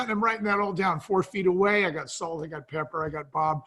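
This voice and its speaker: A man with a high, bright, forceful voice spins a lively business story as an interview guest. He keeps slipping into the voices of the people he met, tagging each line with "he says.". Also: fast talker, hardly any pauses. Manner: storyteller who acts out quoted dialogue with frequent "he says". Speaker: guest, wine brand cofounder. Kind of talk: animated anecdote telling.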